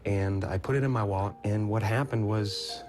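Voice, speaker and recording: A man answering interview questions, halting and moved, with a touch of self-deprecating humor. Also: lowish voice, darkish tone, faint music behind. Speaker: interview guest, actor.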